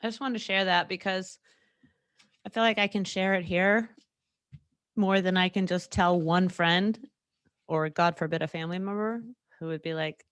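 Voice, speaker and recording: A woman's voice: on the low side, fairly even intonation, normal speed, long pauses, smooth, dry recording. A young woman hosting a solo podcast, talking candidly and rambling, with frequent laughs and fillers. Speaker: podcast host. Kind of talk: casual solo podcast chat.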